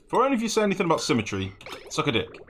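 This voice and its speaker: A man's voice: on the high side, huge pitch swings, racing, fairly bright tone, slightly rough. A man streaming a game live, rambling and swearing as he builds, often humming and mumbling to himself. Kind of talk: live gameplay commentary.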